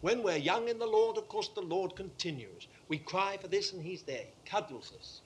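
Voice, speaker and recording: A man preaching a sermon with impassioned conviction, dropping to hushed tones and then rising to forceful, emphatic repetition. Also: high-pitched, animated, moderate pace, breathy edge.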